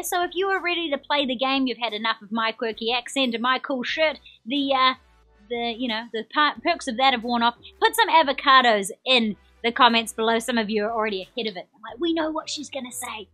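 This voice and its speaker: Bubbly high-voiced woman with a New Zealand accent. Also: lively intonation, a little fast, pushed and bright, faint music behind. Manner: upbeat, chatty, reads out viewer comments. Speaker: quiz show host. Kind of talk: live-streamed trivia hosting.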